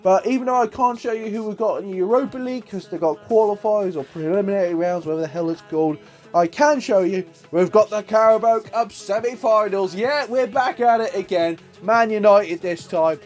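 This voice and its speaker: A young man commentating on his own football video game match, swinging from muttered play-by-play to shouted excitement. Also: high-pitched. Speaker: gaming YouTuber.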